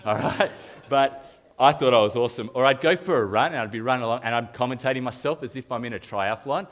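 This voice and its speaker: An Australian man giving a humorous live youth talk, telling self-mocking stories in an animated way and chuckling often. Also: medium pitch, fast talker. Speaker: youth leader. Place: live youth event on stage.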